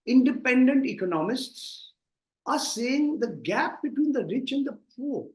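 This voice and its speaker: Man, Indian English accent, high-pitched, emphatic, stumbling restarts, echoey room. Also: animated, unhurried. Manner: emphatic, repeats words when starting. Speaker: political analyst guest. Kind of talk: impassioned interview commentary.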